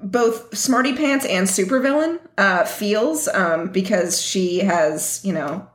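A woman's voice: medium pitch, takes it slowly. A woman co-hosting a podcast, blunt and joking as she teases the guests. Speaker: podcast co-host. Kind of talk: casual podcast chat. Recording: echoey room.

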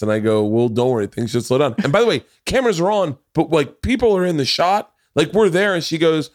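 A man hosting a podcast, telling animated, profane anecdotes and acting out what others said in casual chat. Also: fairly high pitch, quick pace. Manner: animated anecdotes, acts out others' lines, swears freely. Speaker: podcast host.

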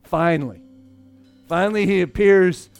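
High-voiced male pastor, casual sermon delivery, big dynamic swings, soft music underneath. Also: measured pace, clean tone. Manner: conversational, swings between loud emphasis and hushed asides.

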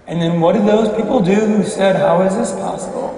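A high-pitched man gives a Catholic homily with emphatic, questioning rhetoric. He is recorded from a distance in a large church, so his voice rings through a long, echoey reverb. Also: steady tone, normal speed, few pauses, darkish tone, slight background noise. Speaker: Catholic priest. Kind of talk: homily at Mass. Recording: echoey church hall from far off.

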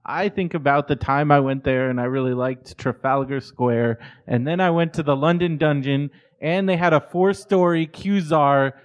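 A man chatting casually on a podcast, laid-back and quick to laugh along. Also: a little high, dull audio. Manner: laid-back, giggly, goes along with jokes. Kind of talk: casual chat.

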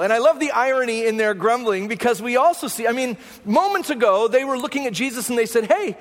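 In a large hall, a male pastor with a very high-pitched voice preaches a sermon. He talks through the scripture conversationally, often checking in with the congregation through rhetorical "right?" asides.

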